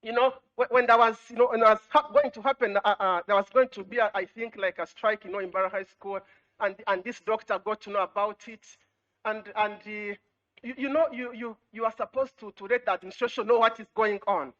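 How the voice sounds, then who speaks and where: A woman's voice: mid-range voice, steady tone, a little fast, fairly bright tone, highs cut off. A woman, an education official addressing students, repeating points, asking rhetorical questions and often saying "you know.". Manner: exhorting, repetitive, with rhetorical questions; frequent "you know" fillers.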